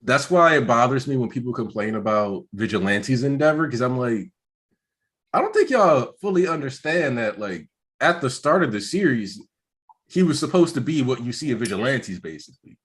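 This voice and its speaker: A young man co-hosting a casual manga discussion, explaining points in a relaxed, slangy way. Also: medium pitch, moderate pace. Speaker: co-host.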